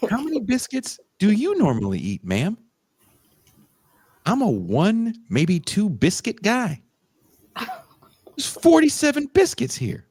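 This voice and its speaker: A man's voice: high-pitched, huge pitch swings, slow, long pauses, darkish tone, breathy edge, no room sound. A man with a Californian accent, co-hosting a casual podcast chat and ranting with profane mock outrage. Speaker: podcast co-host.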